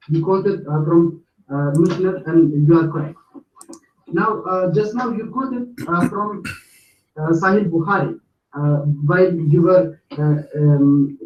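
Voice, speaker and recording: Man, caller, halting, filler-heavy, high voice, far from the mic, roomy echo. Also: slight background noise. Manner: halting, many filler sounds. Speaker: debate caller. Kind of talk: debate reading references. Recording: distant echoey muffled call audio.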